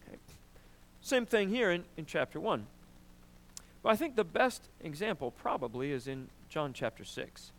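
A man preaching a sermon, emphatic and animated, often asking "right?" and clearing his throat. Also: a little high, normal speed. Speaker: pastor.

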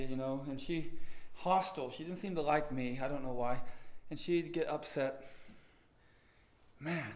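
A man preaching a sermon, telling stories and swinging between loud proclaiming and hushed pleading. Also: mid-range voice. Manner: storytelling with quoted dialogue.

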